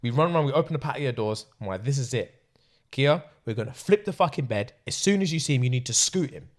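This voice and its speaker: A man, hosting a podcast and telling an animated story, laughing often and acting out what others said. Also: mid-range voice, quick pace. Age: 20s. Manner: excitable, laughing often, acts out quotes. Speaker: podcast host.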